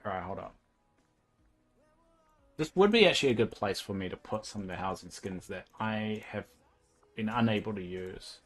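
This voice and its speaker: Kiwi man streaming, low relaxed voice. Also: normal speed, pauses often, faint music behind. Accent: New Zealand. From New Zealand. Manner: relaxed, rambling, thinking aloud with fillers. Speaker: livestreamer. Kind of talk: casual livestream commentary while playing a game.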